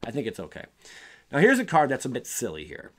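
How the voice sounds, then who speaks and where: A man's voice: mid-range voice, huge pitch swings, fast talker, fairly bright tone. A young man hosting a casual card review, rambling and often stumbling over and correcting his words. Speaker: card game video host.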